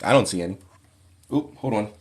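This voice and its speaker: A man hosting a casual livestream Q&A who reads viewers' questions aloud and answers in a relaxed, plain way. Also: fairly low pitch, a little fast, breathy edge. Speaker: occult livestream host.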